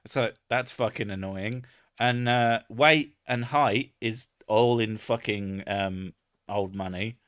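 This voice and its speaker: A man's voice: fairly low pitch, slow, a bit bright, clean tone. An English man chatting casually on a live stream, swearing often and laughing as he rambles. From England.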